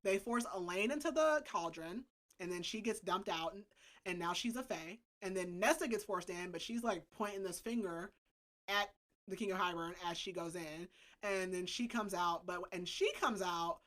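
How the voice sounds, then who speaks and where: A young woman co-hosting a podcast, recapping a novel in casual chat, animated and filling her talk with "like" and "um". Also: on the low side, moderate pace. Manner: animated, full of "like" and "um". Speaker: podcast co-host.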